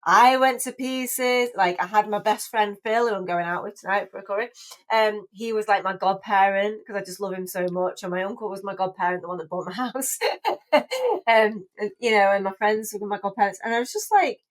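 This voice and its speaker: A woman's voice: medium pitch, a little fast. A woman in her forties tells her own story as a podcast guest. She talks in a loose, chatty way, restarting sentences and sprinkling in "like" and "you know", and she sounds openly emotional. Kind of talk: casual chat.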